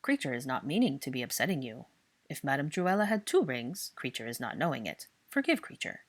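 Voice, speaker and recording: Woman doing a croaking old house elf. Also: rumbling low, sing-song, brisk, exaggerated voice. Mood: servile. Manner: croaking, deferential, odd grammar. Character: old male house elf, fussy and servile.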